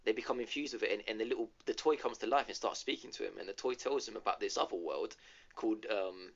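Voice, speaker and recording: A man's voice: lowish voice, fast. A man co-hosting a casual gaming podcast, retelling a game's story with lots of ums and restarts. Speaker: podcast co-host. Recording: dull lo-fi audio.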